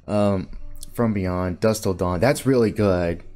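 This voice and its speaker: A man's voice: deep voice, slow pace, darkish tone, soft background music. A man hosting a casual podcast, rambling through a movie list and swearing casually. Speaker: podcast host.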